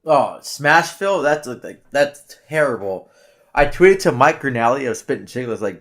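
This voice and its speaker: A man's voice: medium pitch, expressive, normal speed. A man co-hosting a sports podcast in casual chat, rambling with many restarts and fillers and catching his own swearing. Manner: candid, self-correcting swears. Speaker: podcast co-host.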